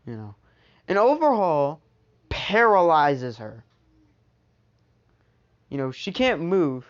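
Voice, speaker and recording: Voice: mid-range voice, animated, slow pace, long pauses, clear, resonant tone. A storyteller improvising a fan-made what-if story, rambling with many filler asides. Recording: dull lo-fi recording.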